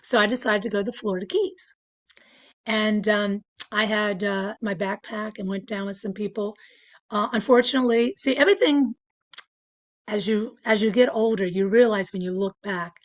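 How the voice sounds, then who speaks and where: On dull-sounding audio, a woman with a mid-range voice shares casual stories as an interview guest. She's in her sixties, leans heavily on fillers, and laughs frequently.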